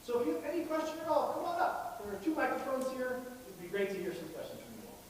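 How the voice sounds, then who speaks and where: A man's voice: extremely high pitch, sing-song, fast, recorded from a distance. A man from the US Northeast and visiting author, speaking earnestly to a school audience in an auditorium and inviting questions. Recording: echoey hall from afar, faint hiss.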